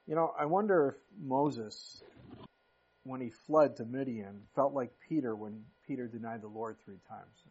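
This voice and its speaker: Husky-voiced preacher in his fifties. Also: medium pitch, a little slow. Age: 50s. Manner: conversational preaching with sudden emphatic rises. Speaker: pastor. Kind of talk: sermon. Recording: muffled lo-fi recording.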